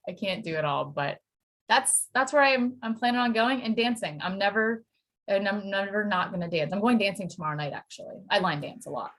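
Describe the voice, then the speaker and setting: Woman from pennsylvania chatting on a podcast, animated, acts out quotes, lowish voice. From Pennsylvania, USA. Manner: animated storytelling with acted quotes and laughter. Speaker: podcast guest, Spanish teacher. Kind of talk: casual interview chat.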